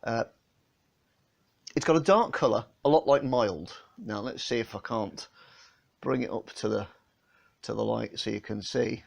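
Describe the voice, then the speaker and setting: A man's voice: mid-range voice, a little slow, vocal fry, pauses often. A man from England chatting casually through a beer tasting, filmed on his phone, with a homely manner and lots of fillers. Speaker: beer vlogger. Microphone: phone camera.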